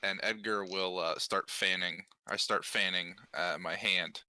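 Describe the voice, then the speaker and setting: Low, bright-toned man player. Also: steady tone, unhurried, no echo. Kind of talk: casual tabletop role-play.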